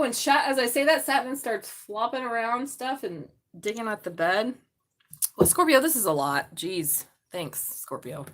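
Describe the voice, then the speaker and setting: A woman doing a live tarot reading. Her talk is chatty and excitable, with offhand swearing and constant asides to the viewers. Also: mid-range voice. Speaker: tarot reader.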